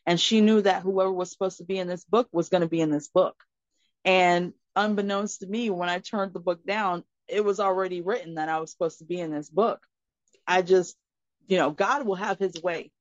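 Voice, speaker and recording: A woman guest on a podcast, telling a personal story in an earnest, expressive way. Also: fairly low pitch, moderate pace, dry recording. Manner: earnest and expressive, acting out dialogue in her story. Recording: slightly muffled, dry recording.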